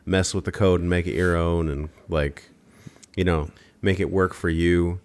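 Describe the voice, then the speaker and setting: A man's voice: deep voice, fairly even intonation, normal speed. A man hosting a casual podcast chat, explaining things in a rambling, hesitant way with many fillers.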